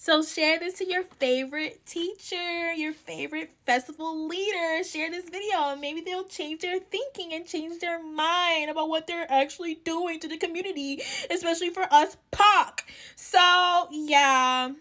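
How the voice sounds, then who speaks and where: A woman's voice: very high voice, fairly even intonation, a little slow, few pauses, pushed and bright. A young woman with a New York accent ranting bluntly into her phone, swearing freely and hammering her points home. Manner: blunt, profane, heated. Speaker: clown content creator. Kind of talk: casual ranting vlog.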